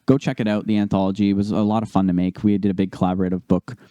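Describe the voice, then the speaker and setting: A young man co-hosting a casual podcast, telling a story with lively delivery and acting out the people he quotes. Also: on the low side, rapid-fire, dry recording. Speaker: podcast co-host.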